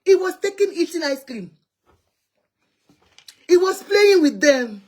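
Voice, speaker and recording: A Nigerian woman with a Nigerian accent, hosting a live call-in show, talking in an animated, chatty way and ranting about public affairs from inside a car. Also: extremely high pitch, takes it slowly. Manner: animated, chatty, rants and pleads. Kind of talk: opinionated live social commentary.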